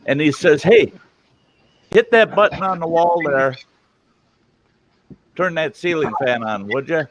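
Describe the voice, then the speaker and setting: A man in a casual chat, telling a story in an animated, colorful way. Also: a little high, measured pace, no room sound, low-quality recording. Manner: animated anecdote teller.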